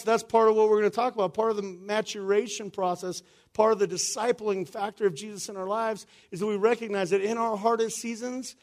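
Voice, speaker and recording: A man's voice: high voice, a little mellow. A male pastor, preaching a sermon in a conversational way, often asking "right?" and calling the room "y'all".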